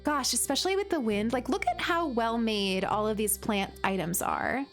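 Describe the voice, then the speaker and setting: A woman's voice: on the high side, normal speed, faint music behind. A woman streamer chatting casually and gushing while she plays, with lots of "like" fillers. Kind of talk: casual live-stream chat while playing.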